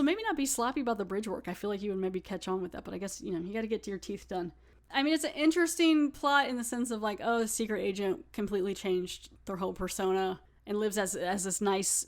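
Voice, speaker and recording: A woman hosting a podcast, reviewing a TV episode in a chatty, amused way with lots of fillers. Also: mid-range voice. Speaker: podcast host. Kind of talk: casual chat, episode review.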